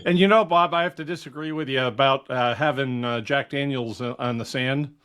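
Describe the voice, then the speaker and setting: A man joins a talk show as a guest and keeps things playful. He jokes with the hosts in a relaxed, chatty way, at a middle pitch. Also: a little fast, clear, resonant tone. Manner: joking, playful. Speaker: guest consultant. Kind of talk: casual chat.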